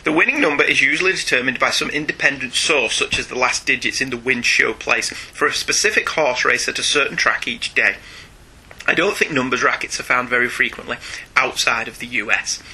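A man's voice: mid-range voice, a little fast, pushed and bright, husky, poor audio. A British man hosting a podcast in casual, jokey chat, laughing often. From Britain. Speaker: podcast host.

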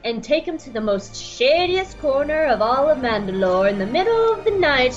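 A woman voicing a scheming male prime minister who gives slow, falsely reassuring orders. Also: high voice, sing-song. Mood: fake soothing. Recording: dull lo-fi sound with faint music.

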